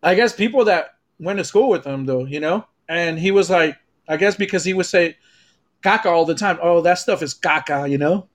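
A man with a notably high voice spins a rowdy anecdote on a podcast. He swears freely, slips into Spanish, and acts out the scene as he goes. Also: moderate pace. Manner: animated storyteller, profane, mixes Spanish. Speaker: photographer and podcast guest. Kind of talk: casual podcast storytelling.

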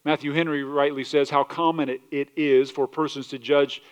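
A man preaching a sermon as pastor, passionate, swinging from loud declarations to quiet asides, quoting scripture and acting out other people's voices, asking the congregation questions. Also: flat delivery, normal speed, clean tone. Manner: passionate, rises loud then drops low, acts out quoted voices; asks the congregation questions, southern 'y'all'.

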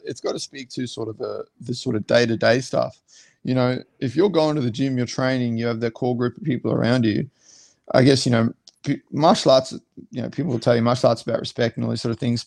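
Aussie fighter co-host, gravelly voice, dead dry mic, rambles and repeats himself. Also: male voice, mid-range voice, a little mellow, dry recording. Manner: rambling, repeats words while thinking aloud. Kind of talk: casual fight analysis.

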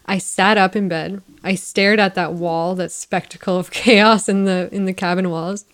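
A woman's voice: mid-range voice, fairly even intonation, moderate pace. A woman co-hosting a podcast, telling a personal story in a casual, candid way with some casual swearing.

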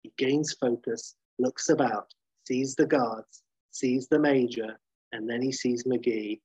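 Man retelling a story, husky. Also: mid-range voice, slow pace, dry recording. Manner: lively, sweary, acts out characters' lines. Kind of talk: casual spoken retelling of a story. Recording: dull muffled lo-fi sound.

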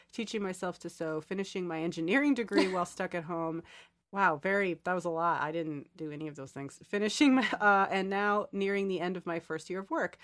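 A woman hosting a casual podcast chat, reading out listener mail with giggly, self-deprecating asides. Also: lowish voice.

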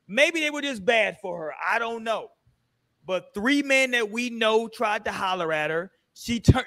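A man's voice: high-pitched, fairly bright tone, dry recording. A man hosting a relationship podcast panel, arguing his point in casual talk and swearing freely. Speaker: podcast host.

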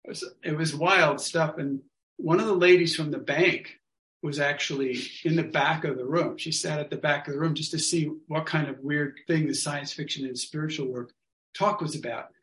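Man, storyteller, slightly high voice, acts out quotes, echoey room. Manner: animated, acts out other people's lines. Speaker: workshop leader telling a story. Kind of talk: casual storytelling in an online study group.

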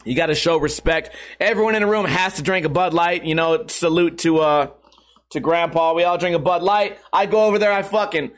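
A man's voice: sits high, fairly bright tone. A man hosting a podcast, telling a story in a casual, profane way and laughing often. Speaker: podcast host.

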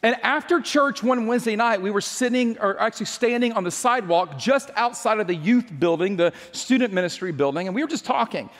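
A man's voice: sits high, expressive, a little fast, few pauses, big-room sound. A male pastor telling a personal story in a sermon, chatty and joking, often restarting his sentences.

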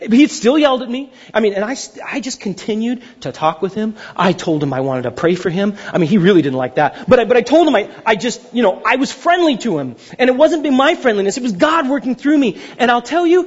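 A man's voice: extremely high pitch, highs cut off. A man preaching a sermon and telling a personal story animatedly, often laughing and repeating words. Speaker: pastor.

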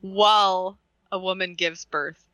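A woman's voice: fairly low pitch, fairly even intonation, takes it slowly, pushed and bright, smooth, dry recording, rough recording. A woman co-hosting a podcast, rambling with lots of fillers and giggles. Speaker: podcast co-host. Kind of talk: casual podcast chat.

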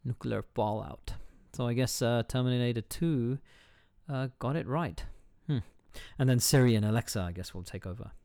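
A man's voice: medium pitch, normal speed, vocal fry, dark tone, no room sound, studio quality. A man hosting a casual solo podcast, reading a book aloud, stumbling over hard words, cursing at himself and breaking off with joking asides. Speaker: podcast host.

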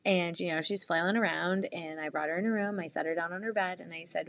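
A woman's voice: fairly low pitch, steady tone, quick pace, vocal fry, few pauses. A woman in her thirties casually telling a story about her kids in a chatty vlog, laughing often. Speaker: mom vlogger. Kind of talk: casual chat.

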